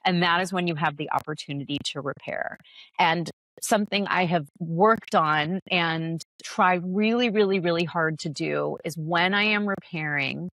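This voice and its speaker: A woman's voice: fairly low pitch, unhurried, fairly bright tone. A woman guest on a podcast, talking candidly about parenting as a yoga teacher, laughing often and restarting her sentences. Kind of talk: conversational podcast interview.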